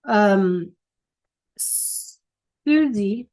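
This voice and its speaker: Her voice is mid-range, animated and darkish as this woman teaches Spanish to a class. She takes her time explaining, checks in with students frequently, and slowly repeats the key points.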